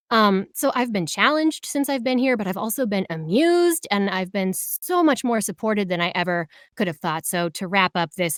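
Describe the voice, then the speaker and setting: Lively dry-voiced woman voice actor. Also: medium pitch, no echo. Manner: animated, acts out quoted voices with big jumps. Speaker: voice actor, interview guest. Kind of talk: casual interview storytelling.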